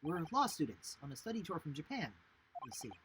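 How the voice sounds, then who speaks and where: A man voicing a polite young woman law student in a video game, speaking softly. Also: on the high side, sing-song, brisk, noisy background. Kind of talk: reading game dialogue aloud. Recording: game music behind.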